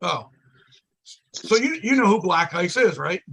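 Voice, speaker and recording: A man with a high, bright, gravelly voice and a slightly husky edge. He tells a rambling, profane story in casual chat and acts out each quoted line with gusto. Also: big pitch swings, unhurried. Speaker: podcast guest.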